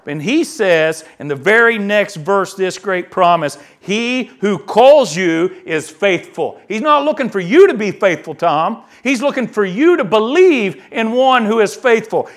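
High-voiced, animated male preacher. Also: a little slow, hardly any pauses. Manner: animated preaching, acts out quoted voices, swings from soft asides to loud emphasis. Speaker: pastor. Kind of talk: sermon.

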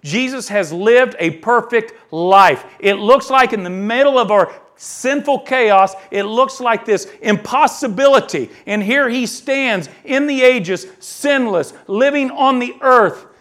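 A man preaching a sermon, reading scripture aloud and acting out the voices in it, swinging between quiet asides and loud emphatic lines. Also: very high-pitched, measured pace, few pauses. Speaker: pastor.

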